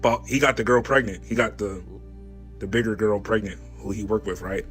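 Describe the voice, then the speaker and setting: A man's voice: on the low side, a little fast, a bit bright, soft background music. A man telling a profane anecdote in laid-back casual talk. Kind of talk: casual storytelling.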